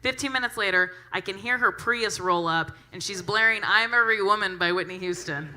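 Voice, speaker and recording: Brash, bright-voiced woman comic. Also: mid-range voice, brisk. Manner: brash, profane and animated. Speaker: stand-up comedian. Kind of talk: stand-up comedy set.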